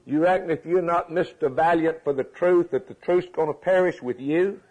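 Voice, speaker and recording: A man's voice: fairly high pitch, moderate pace, darkish tone, poor audio. A man preaching a sermon, emphatic and repetitive, asking the congregation rhetorical questions.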